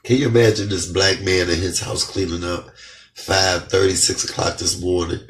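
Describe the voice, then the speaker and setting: A middle-aged man speaking fervently in an emotional testimony vlog, a little hoarse from shouting and crying with joy, talking in his house. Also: deep voice, flat delivery, moderate pace, slight background noise. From United States. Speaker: comedian vlogger. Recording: echoey room, off-mic.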